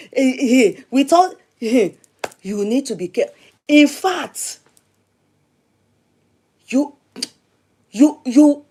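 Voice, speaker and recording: A woman with a Nigerian accent, hosting a show and telling a long personal story in a casual, chatty, animated way, repeating herself for emphasis. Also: fairly high pitch. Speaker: show host.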